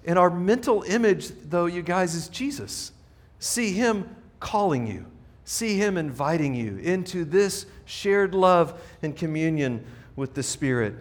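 A middle-aged male pastor delivers a sermon with a slightly raised pitch, talking to his congregation in an earnest, conversational way. He often restarts his sentences and circles back to his point, the way a preacher does when speaking without a script. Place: church sanctuary.

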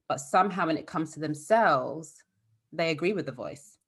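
Low husky woman therapist explaining. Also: expressive, normal speed. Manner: warm, explanatory, fillers like "like" and "you know". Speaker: therapist for eating disorders. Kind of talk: casual interview talk.

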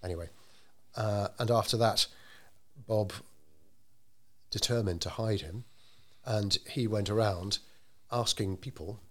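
A man telling a story in an interview, measured and unhurried, with frequent ums and restarts. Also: fairly low pitch. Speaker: interviewee telling local history. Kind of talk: conversational storytelling.

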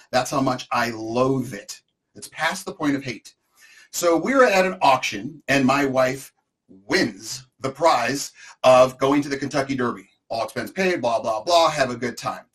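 A middle-aged man spins a rambling, exaggerated comic story in a relaxed co-host chat. He talks at an ordinary pitch, loose and conversational, piling on asides and overstatements. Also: moderate pace.

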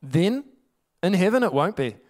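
Male preacher, casual sermon, frequent laughter, fairly high voice. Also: big pitch swings, normal speed. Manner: chatty, laughing often, rhetorical asides.

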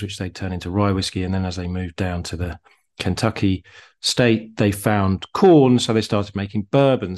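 A man, co-hosting a casual chat and explaining things in a steady way with some fillers. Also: lowish voice. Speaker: co-host.

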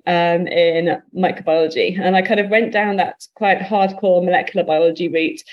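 A woman's voice: on the low side, dull audio. British woman guest on a podcast, self-deprecating, laughs a lot, easygoing chat. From Britain. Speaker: guest speaker. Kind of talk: casual podcast interview.

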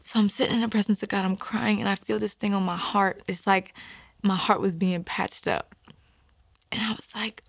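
A woman's voice: medium pitch, fairly even intonation, moderate pace, gravelly, dry recording. A young woman recounts her faith testimony in a heartfelt, meandering way, scattering "like" through her sentences. She slips into a whisper whenever she quotes what she was thinking. Her mid-range voice sounds close and dry, with no room around it. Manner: earnest, rambling, heavy use of "like" fillers; drops to a whisper when quoting her own thoughts. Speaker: guest giving a faith testimony. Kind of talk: emotional personal testimony.

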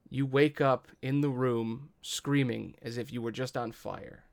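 A man narrating as game master of a tabletop game, measured and deliberate, with the odd swear. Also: medium pitch, vocal fry, clear, resonant tone.

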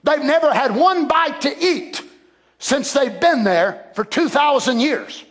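A man preaching a fervent sermon, building to emphatic shouted peaks. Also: very high-pitched, expressive, slow pace.

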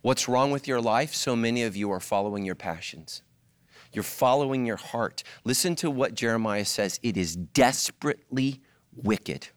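A middle-aged male pastor preaching a sermon, swinging from loud, high-pitched joking to a hushed, earnest tone. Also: moderate pace, smooth. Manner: animated, jokes in a loud, high voice, then drops to a hushed, earnest tone.

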